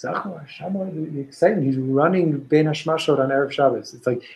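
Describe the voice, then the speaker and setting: Animated man teaching Talmud. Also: a little high, a little fast, creaky, low-quality recording. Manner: storytelling, animated, many restarts, Hebrew and Aramaic quotes. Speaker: Torah teacher. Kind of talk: informal Talmud class.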